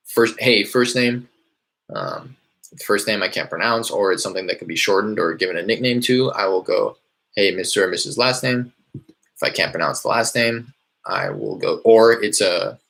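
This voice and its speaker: Low gravelly man explaining casually. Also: lively intonation, a little slow, fairly bright tone. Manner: loose and conversational, many fillers and restarts. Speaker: real estate wholesaler teaching cold calling. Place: small hot indoor room.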